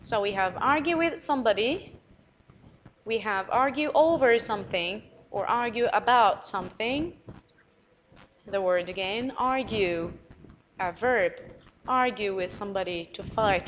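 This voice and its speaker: A woman teacher with an Arabic accent giving a recorded English vocabulary lesson, encouraging, spelling words out letter by letter and repeating them slowly. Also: mid-range voice, lo-fi sound, slight background noise.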